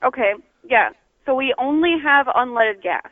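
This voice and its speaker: A woman's voice: high-pitched, animated, normal speed, dry recording. A woman working as a gas station clerk, answering a call in a patient, plain and slightly hesitant way. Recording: dry phone line.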